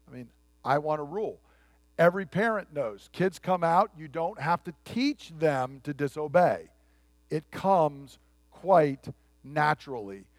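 A male pastor delivering a sermon in a high-pitched voice. He preaches emphatically, building to forceful peaks and then dropping low and quiet, acting out the quoted lines. The sound is dry and close. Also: no echo.

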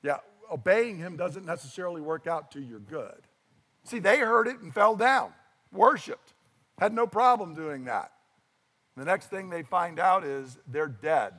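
A middle-aged man preaching a sermon as pastor, telling the story with animated, acted-out voices. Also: high-pitched, long reverb tail.

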